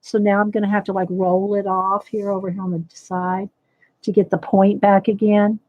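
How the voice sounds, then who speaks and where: A woman demonstrates coloring on a casual livestream, thinking out loud and addressing viewers by name. Her medium-pitched voice shows little pitch movement at a normal pace, captured on a dry, phone-quality recording.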